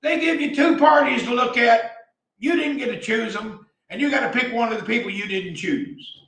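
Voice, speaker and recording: Southern guy going off on a rant, real high voice, kinda far from the mic in an echoey room. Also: moderate pace. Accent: Southern American. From American South. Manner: blunt and fired up, often shouting. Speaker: vlogger. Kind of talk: opinionated rant.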